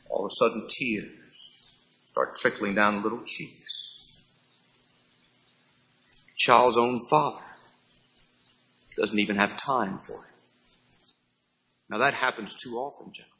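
A man preaching a sermon, emphatic and repeating key phrases, now and then acting out quoted voices with loud outbursts. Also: on the low side, takes it slowly, long pauses, low-quality recording.

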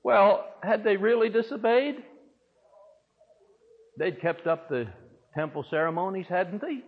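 A man's voice: high-pitched, lively intonation, unhurried, breathy edge. A man preaching a sermon dramatically, firing off rhetorical questions, in a dull, echoey church recording. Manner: dramatic, with rhetorical questions and big swings in loudness. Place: large church hall.

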